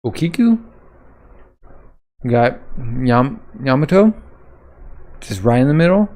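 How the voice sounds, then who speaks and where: A man hosting a comic reaction video, reading aloud and commenting casually, often pausing with ums as he searches for names. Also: medium pitch, sing-song, darkish tone. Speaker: manga reaction host.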